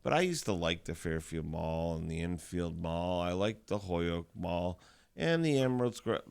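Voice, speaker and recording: Low smooth-voiced guy on morning radio, animated, keeps questioning everything. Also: normal speed. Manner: animated, incredulous, laughs often. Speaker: radio morning show co-host. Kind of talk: casual banter.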